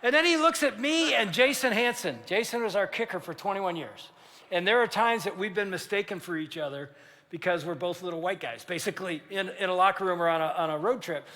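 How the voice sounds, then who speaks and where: A man in his sixties preaches in a storytelling way, animating every anecdote and voicing the people he quotes. His voice sits high and sounds bright and forceful. A long reverb from the church hall trails behind each phrase. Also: fairly quick. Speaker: pastor. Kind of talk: storytelling sermon.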